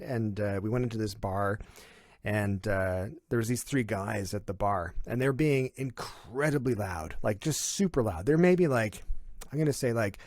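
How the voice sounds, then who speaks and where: A middle-aged man from Canada, a podcast guest telling animated, self-deprecating stories in casual chat. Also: mid-range voice, no echo, clean studio sound.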